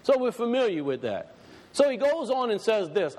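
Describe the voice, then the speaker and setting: A man preaching a sermon, asking the congregation questions and slowing down to stress key words. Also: high voice, sing-song, darkish tone.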